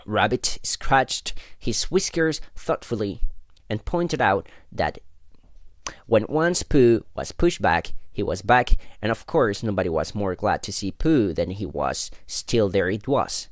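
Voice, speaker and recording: A young man reading a storybook aloud in a relaxed, casual way with amused asides. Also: fairly low pitch, takes it slowly, no echo, clean studio sound. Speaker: podcast host reading aloud.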